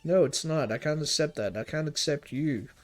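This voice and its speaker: A man's voice: a little high, normal speed, faint music behind, natural voice. A man voicing a frightened, cornered young man. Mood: desperate. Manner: raised, strained, wavering.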